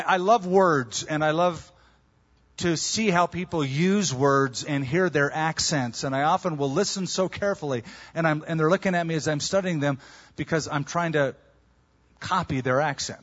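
A man preaching a sermon, his voice sitting a little high for a man. He tells stories with lively rises and drops in pitch and loudness. The recording sounds dull and lo-fi. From California. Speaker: pastor.

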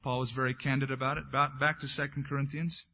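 A man's voice: medium pitch, flat delivery, fast talker, bright, forceful tone, husky, muffled recording. A man preaching a sermon as a pastor, reading scripture aloud and then breaking into conversational asides.

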